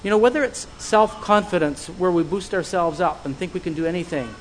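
A man preaching a sermon, earnest and measured, putting searching questions to his listeners. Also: sits high, a little hiss or hum, low-quality recording.

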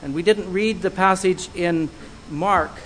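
Over a faint hum in a rough recording, a male preacher with a high-pitched voice delivers an earnest, measured sermon. He speaks in steady phrases and poses searching questions to his listeners.

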